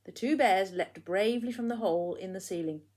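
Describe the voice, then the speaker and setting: A woman, a primary school teacher, reading a picture book aloud to children in an expressive storytelling way, hushing for the quiet moments. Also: mid-range voice, fairly quick.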